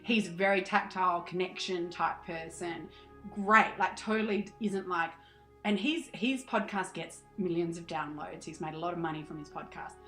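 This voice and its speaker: A woman's voice: on the low side, normal speed, bright, forceful tone, reverberant, soft background music, poor audio. An Australian woman in her thirties, a podcast guest chatting animatedly, laughing often and acting out her past self. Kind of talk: casual interview chat.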